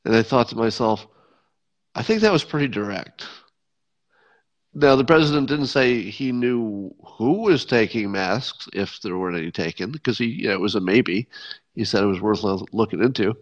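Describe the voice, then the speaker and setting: A man's voice: on the low side, normal speed. A man hosting a podcast in casual solo commentary, wry and sardonic, often restarting sentences. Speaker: podcast host. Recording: dull lo-fi sound.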